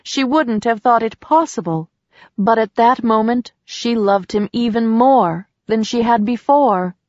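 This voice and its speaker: A woman reading an audiobook as narrator, in a measured way, in a slightly muffled recording. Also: a little high, a little mellow, no room sound. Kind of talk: scripted narration.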